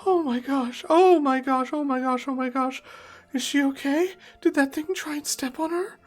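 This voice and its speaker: A man doing a frantic, high-pitched mother. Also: normal speed, soft background music. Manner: frantic, repeating herself. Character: panicking human mother.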